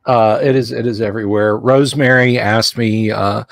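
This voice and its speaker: A man's voice: fairly low pitch, fairly even intonation, moderate pace, gravelly, no room sound. A man hosting a casual chat show, jokey, laughing often and slipping into mock voices. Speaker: podcast host.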